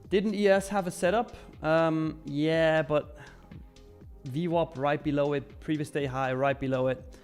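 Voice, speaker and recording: A man's voice: a little high, fairly even intonation, measured pace, a little mellow, soft background music. A young Swiss man casually hosting a live trading stream, chatting, reading out chat messages and laughing often. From Switzerland.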